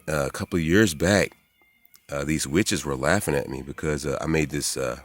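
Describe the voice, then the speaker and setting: A man in his forties, rambling excitedly and profanely in a casual monologue, jumping into high voices when he quotes people. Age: 40s. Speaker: spiritual vlogger.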